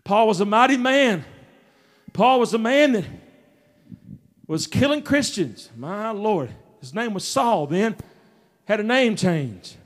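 High-voiced preacher, impassioned. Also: male voice. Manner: impassioned, swings from shouting to hushed asides, chuckles often. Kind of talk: fervent revival sermon. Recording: taped sermon.

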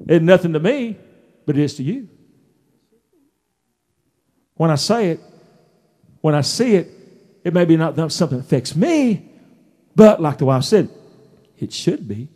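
A middle-aged man preaching a folksy, emphatic sermon in a church, his voice rising into shouts. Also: a little high, sing-song, measured pace, pauses often. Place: church sanctuary.

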